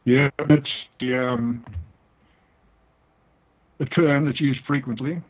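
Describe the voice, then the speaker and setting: An older man with a New Zealand accent, a guest author talking deliberately through an interview. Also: medium pitch, fairly even intonation. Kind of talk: interview over the phone. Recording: tinny phone line.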